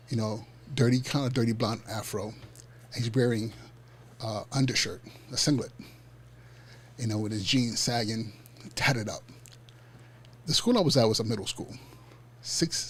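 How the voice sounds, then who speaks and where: A man hosts a podcast and tells a story from his work in a loose, conversational way. He stumbles over fillers and restarts, then throws himself into the voices of the people in his story. His voice sits at an ordinary middle pitch, with a faint hiss under it. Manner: animated, acts out quoted dialogue in street slang; frequent fillers and self-restarts. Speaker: podcast host. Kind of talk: casual personal storytelling.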